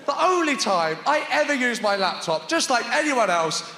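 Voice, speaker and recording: A man performing stand-up comedy on a theatre stage, animated and often shouting. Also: very high-pitched, normal speed. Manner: animated, shouting bits and put-on voices. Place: large theatre stage with live audience. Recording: echoey hall with crowd noise.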